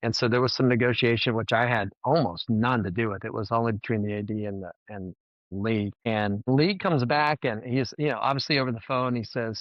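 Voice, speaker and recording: A man's voice: medium pitch, brisk, no echo, muffled recording. A man, a former college baseball head coach, telling stories in a podcast interview in an earnest, emotional way, often repeating words as he goes.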